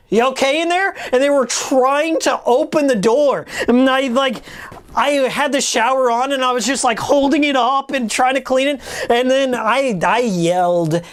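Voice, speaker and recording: A male streamer telling a crude, exasperated story in a casual, profane rant. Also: high-pitched. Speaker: streamer host. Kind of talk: casual ranting anecdote.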